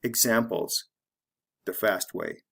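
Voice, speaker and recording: A man with an American accent teaching English pronunciation, speaking slowly and repeating each example sentence clearly. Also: lowish voice, a bit bright. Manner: slow, deliberate drilling of example phrases. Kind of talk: slow scripted lesson narration.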